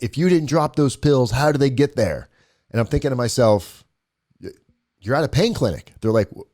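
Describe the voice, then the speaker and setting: Here the guest's voice is lowish with a darkish tone. He tells his own story in an easygoing way, quoting the people involved and restarting his phrasing again and again.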